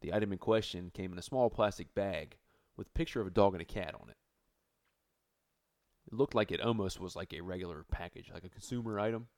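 A deep-voiced man recounts a news story on a podcast in a relaxed, deadpan way. The recording is dry and close with no room sound. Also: fairly quick, no room sound. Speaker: podcast co-host. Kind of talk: casual comedic chat.

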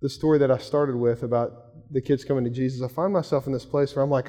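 A man's voice: mid-range voice, steady tone, fast. A man in his thirties, a pastor giving a sermon in a conversational storytelling way. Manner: conversational storytelling, shouts when acting out quotes. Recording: long hall reverb.

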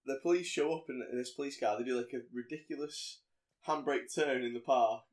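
A man's voice: mid-range voice, fairly quick. Male podcast co-host, chatty film recap, jumps into character voices. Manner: animated storyteller, acts out quotes in voices. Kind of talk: casual chat recapping a film.

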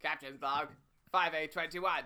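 A man's voice: on the high side, fairly even intonation, unhurried, sharp tone, clean tone, voice pushed down. A man doing a joking impression of a famous bald starship captain in a tabletop game. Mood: mock grave.

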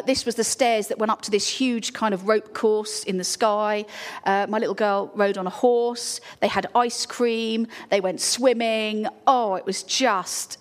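A woman giving an informal, earnest talk to a church congregation, full of ums and restarts. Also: mid-range voice. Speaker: charity speaker at a church.

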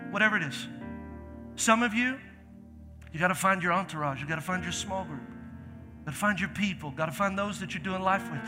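High-voiced pastor preaching in a hall. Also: male voice, brisk, long pauses. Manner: conversational preaching, emphatic repetition. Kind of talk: sermon. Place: church sanctuary. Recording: church hall reverb with faint music.

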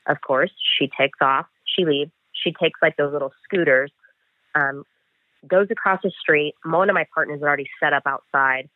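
A man's voice: a little high, moderate pace, dry recording. A man working as a bail enforcement agent, telling a chase story in an interview and acting out the dialogue as he goes. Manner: animated, acts out dialogue with "I'm like". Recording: tinny phone line, dry.

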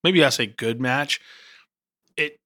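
A man co-hosting a podcast in casual chat, relaxed and reflective, repeating words as he thinks. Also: mid-range voice, slow pace, no room sound, clean studio sound. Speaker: podcast co-host.

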